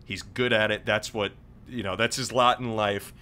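A young man co-hosting a podcast, talking in a measured, thoughtful way. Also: lowish voice, fairly even intonation, sharp tone. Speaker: podcast co-host. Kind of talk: casual chat.

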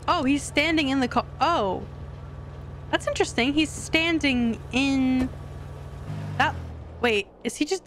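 A young woman streaming a life-sim game, chatting casually to her viewers and getting excitable. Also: sits high, slight background noise. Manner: chatty, excitable, talks to chat. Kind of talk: casual gameplay commentary.

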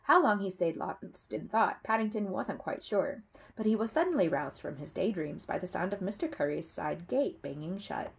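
A woman reading a children's book aloud, with expressive storyteller delivery. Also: mid-range voice, normal speed, gravelly, husky. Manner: expressive, animated.

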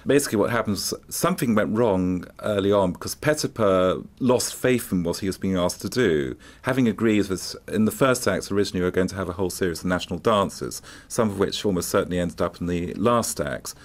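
Deep-voiced man in a radio interview. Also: fairly quick, few pauses. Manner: hesitant, many ums, animated storytelling. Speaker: music expert guest.

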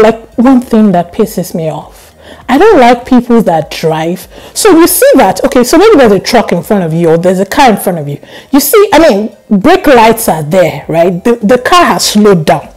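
Lively young woman vlogger, high voice. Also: rough recording. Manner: animated storytelling, laughs often. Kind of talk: casual talk to camera.

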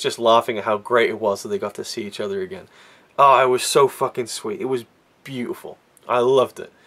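A man talking earnestly and with feeling as he reviews a film, with frequent restarts and fillers. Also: mid-range voice. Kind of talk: casual film review monologue.

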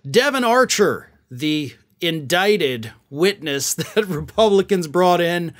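A man's voice: high-pitched, a bit bright. A man hosting political commentary, talking in a sarcastic, mocking and exasperated way.

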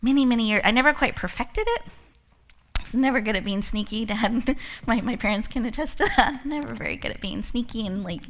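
A woman's voice: on the high side, fairly quick, a little hiss or hum. A woman hosting an event, giving a motivational talk full of personal stories and frequent laughter. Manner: laughs often, animated storytelling. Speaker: event host and speaker.

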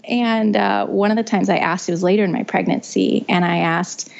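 A woman's voice: lowish voice, fairly quick, gravelly, a little mellow. A young woman telling her birth story as a podcast guest, in a chatty way with frequent restarts. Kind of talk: casual storytelling. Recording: dull lo-fi audio.

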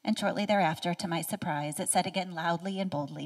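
A woman in her thirties giving a prepared personal speech as a featured speaker at a live event, earnest and heartfelt, sometimes dropping to a soft near-whisper. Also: fairly low pitch, quick pace, recorded from a distance. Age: 30s. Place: event stage.

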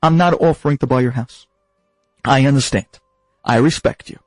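A man's voice: medium pitch, moderate pace, darkish tone, no room sound, natural voice. A man voicing a stubborn, wealthy miser who haggles insistently and repeats himself. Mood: coaxing.

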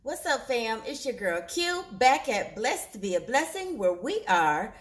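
A woman with a fairly high voice talks through a TV episode in a casual recap. She tells it with lively animation and slips into the characters' lines as she goes. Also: a little slow. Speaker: recap show host.

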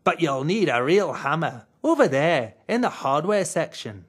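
Reader doing old hammerhead shark toy, gruff, wry, teasing, loud and bouncy, storybook. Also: mid-range voice, sing-song, normal speed. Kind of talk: storybook read-aloud.

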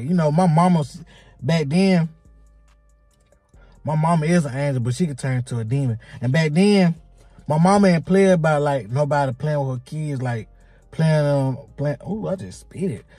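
A man recounts a school story in loose, profane slang, full of sound effects. His voice sits a little high yet has a dark, mellow tone. The sound is dry and close, with faint music underneath. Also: dry recording. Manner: slangy, profane, animated retelling. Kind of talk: casual storytime monologue.

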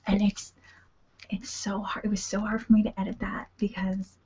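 Canadian woman filmmaker, husky with vocal fry, level and flat delivery, earnest, dull lo-fi stream sound. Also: mid-range voice, normal speed. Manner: earnest, explanatory, drifts into whispers. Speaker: documentary filmmaker guest. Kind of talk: casual chat.

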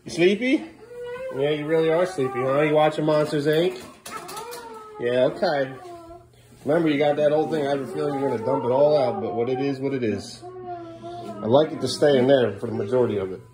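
A man's voice: sing-song, brisk, long pauses, a crowd in the background. A father filming at home, chatting playfully with his young sons in a sing-song voice. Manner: playful, sing-song baby talk to the kids, often jumping up high. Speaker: father and vlogger. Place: family home, kids' bedroom. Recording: noisy home video.

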